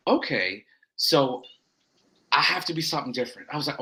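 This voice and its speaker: A man from Florida, a wrestler guesting on a podcast, telling a rambling story full of quoted self-talk and quick asides. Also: fairly high pitch, animated, sharp tone, rough recording. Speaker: indie pro wrestler guest. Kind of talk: casual podcast chat.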